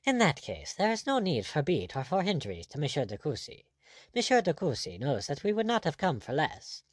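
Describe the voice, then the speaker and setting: A man's voice: fairly high pitch, wildly swooping pitch, a little fast, dry recording, pitched above the performer's own voice. A man reading the part of a cool, insolent buccaneer captain with an ironic manner.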